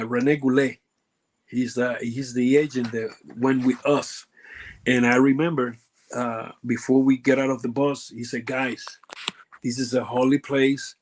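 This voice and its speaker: Puerto Rican man telling halting stories. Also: mid-range voice, a little hiss or hum. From Puerto Rico. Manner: halting, lots of fillers and restarts, broken grammar. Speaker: guest, former pro wrestler. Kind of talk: casual storytelling interview.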